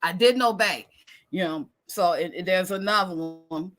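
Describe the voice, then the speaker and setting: A woman giving an animated testimony, acting out the voices in her story. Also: fairly low pitch, normal speed, faint music behind. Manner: expressive, acts out dialogue, Southern American speech patterns.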